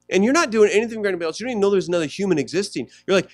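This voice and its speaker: High-voiced animated preacher, dry close sound. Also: male voice, very fast, hardly any pauses, no room sound. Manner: animated preaching, swings from loud mocking quotes to low hushed asides. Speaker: pastor. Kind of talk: sermon.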